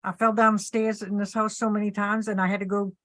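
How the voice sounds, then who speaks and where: A woman tells stories in a loose, casual chat, mid-pitched and lively, slipping into voices for the people she quotes. The sound is dry and close, with no room echo. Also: fast talker. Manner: animated storyteller, acts out quotes, laughs often.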